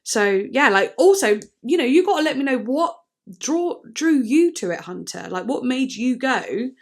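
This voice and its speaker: A young woman with a slightly high voice hosts a music reaction, speaking in a loose, unscripted way. She is candid and swears freely. She thinks out loud and her sentences trail through fillers and restarts. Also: animated, moderate pace. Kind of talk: casual reaction commentary.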